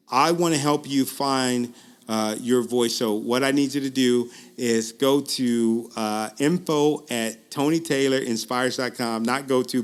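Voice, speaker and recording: A man working as a public speaking coach, giving a casual, earnest pitch straight to the viewer, with frequent ums, restarts and repeated phrases, his pace speeding up and slowing down. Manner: uneven pace, speeds up and slows down. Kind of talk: casual direct-to-camera pitch.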